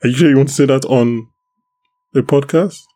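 A man's voice: mid-range voice, normal speed, warm tone. A man hosting a podcast, chatting casually and rambling, with many restarts. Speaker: podcast host. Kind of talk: casual chat about a TV show.

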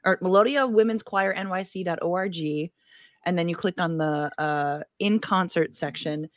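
Low-voiced woman giving chatty announcements. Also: moderate pace, no echo. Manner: chatty, full of fillers, careful with details. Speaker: player and choir member. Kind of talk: casual announcements.

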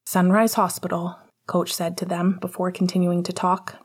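A woman narrating an audiobook at a steady, measured pace. Her voice sits low and carries a husky, breathy texture. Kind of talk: scripted narration.

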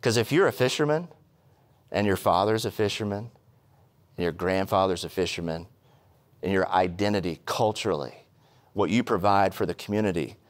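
A man preaching a sermon, telling stories with quick humorous asides and rhetorical questions. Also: deep voice. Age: adult, past college. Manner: animated storytelling with asides. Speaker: pastor.

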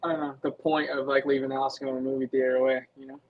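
A young man from the United States, a guest on a podcast, chatting in a relaxed, casual way full of filler words. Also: medium pitch, racing, narrow, tinny audio. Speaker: guest, racer. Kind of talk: casual chat.

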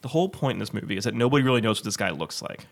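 A man co-hosting a podcast, recapping a movie in casual chat, animated and incredulous as he tells it. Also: on the low side, very fast, vocal fry. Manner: animated, incredulous storytelling with frequent laughs. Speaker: podcast co-host.

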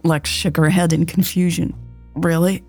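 Woman storyteller, romance audiobook; husky, dark, steady delivery. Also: fairly low pitch, normal speed, soft background music. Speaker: audiobook narrator. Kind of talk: scripted romance story narration.

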